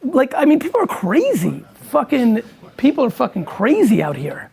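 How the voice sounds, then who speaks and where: A man's voice: very high voice, huge pitch swings, moderate pace, gravelly, a little mellow. A man in casual conversation, talking bluntly and emphatically with lots of swearing. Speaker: guest entrepreneur.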